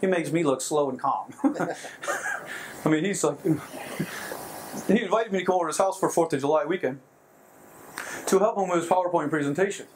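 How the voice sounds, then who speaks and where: A man leading a motivational seminar in front of a live audience, excitable and quick to laugh at his own jokes. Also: a little high, background noise. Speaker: seminar trainer.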